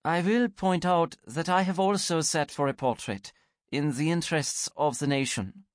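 A composed woman replies serenely in a soft, raised voice, as a male audiobook narrator puts her on. Her calm is quietly pointed, in a dry close recording. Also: on the high side, normal speed, no room sound, voice pushed up, natural voice.

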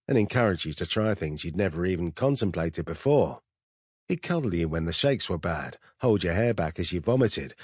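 A man reading a first-person story aloud in a dry, wry, measured way. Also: deep voice, slightly rough, no echo. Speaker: audiobook narrator. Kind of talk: first-person scripted narration.

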